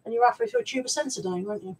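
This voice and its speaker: A woman's voice: on the high side, big pitch swings, very fast, darkish tone, husky, poor audio. A middle-aged woman chatting casually on a live stream, reading out viewer comments and talking about her resale stock. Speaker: vlogger and reseller.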